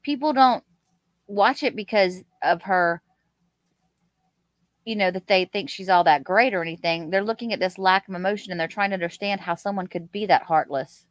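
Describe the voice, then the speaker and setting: A woman's voice: medium pitch, moderate pace, no echo. A woman with a Southern US accent co-hosting a casual live stream, chatting and reading out viewers' comments. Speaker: co-host of a true crime live stream.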